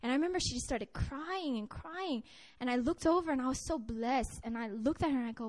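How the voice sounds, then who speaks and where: Woman, high-pitched, earnest sermon, conversational, personal testimony, frequent restarts. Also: brisk, hardly any pauses. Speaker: preacher.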